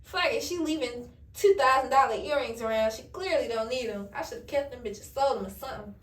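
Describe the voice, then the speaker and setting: A woman's voice: fairly high pitch, brisk, distant mic. A young woman vlogger, telling a candid storytime full of slang and swearing while she does her hair. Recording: echoey room, voice a bit off-mic.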